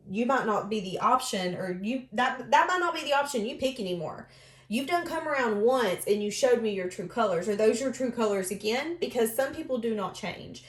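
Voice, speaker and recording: A woman's voice: fairly high pitch, roomy sound. A woman giving a casual tarot reading in an earnest, emotive way, often speaking as if she were the other person. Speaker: tarot reader.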